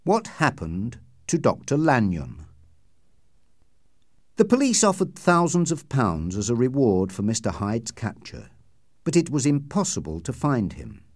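A man narrates an audiobook in a clear, measured way. His pitch rises and falls widely from phrase to phrase. The recording is dry and close, with no room sound. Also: very animated, dry recording.

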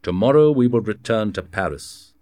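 A man's voice: on the low side, expressive, normal speed, darkish tone, no room sound, clean studio sound, natural voice. A man reading the part of a commanding young French king in a formal, authoritative way. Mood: pleased. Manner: firm, formal, authoritative delivery.

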